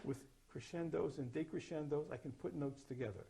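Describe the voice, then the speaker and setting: A man's voice: fairly high pitch, fairly quick, creaky, over loud music. An older man teaching a percussion master class, explaining articulations and singing short example notes. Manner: explains then sings or plays examples.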